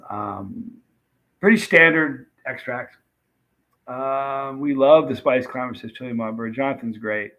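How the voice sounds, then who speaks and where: A man's voice: medium pitch, measured pace, a bit bright. A man hosting a late-night livestream, casually chatting and thanking viewers by name as he reads their comments. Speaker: livestream host. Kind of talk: casual live chat reading comments.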